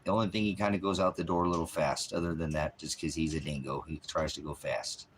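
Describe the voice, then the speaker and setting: A deep-voiced American man talks casually on a livestream. His tone swings into soft, cooing baby talk now and then. A faint hiss of background noise sits behind him. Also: little pitch movement, fast talker. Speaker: online preacher.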